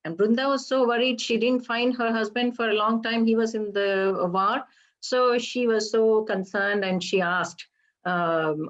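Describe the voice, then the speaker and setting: A woman retelling a Hindu legend for a temple program, halting and explanatory, often pausing to ask her listeners questions. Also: on the high side, steady tone. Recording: slightly dull lo-fi recording.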